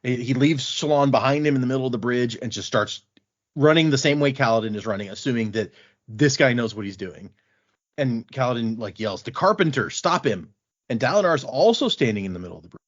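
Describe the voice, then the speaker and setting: A man hosting a podcast, chatting loosely as he recaps what happened in the chapters. His voice sits at an ordinary middle pitch. The recording sounds a little dull and lo-fi. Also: fairly quick. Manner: animated retelling, acting out quotes in passing. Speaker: podcast host recapping a book. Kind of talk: casual chat.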